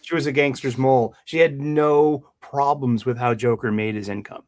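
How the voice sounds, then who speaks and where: A man on a podcast panel, telling animated stories and laughing easily. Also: medium pitch, normal speed, no echo. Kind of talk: casual panel chat.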